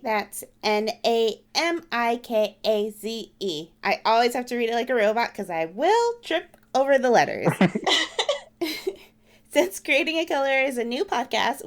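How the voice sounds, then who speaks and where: A woman hosting a podcast, with a somewhat high voice. She talks in a friendly way and reads her outro, spelling out names slowly and carefully. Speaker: podcast host. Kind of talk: interview and scripted outro.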